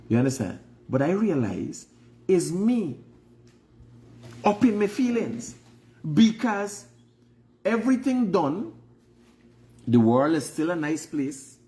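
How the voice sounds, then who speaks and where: A man's voice: fairly high pitch, sing-song, a little slow, long pauses, mellow. A Guyanese man hosting a vlog, talking frankly and preachily, giving life advice and repeating phrases for emphasis. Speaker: host. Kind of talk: casual advice monologue.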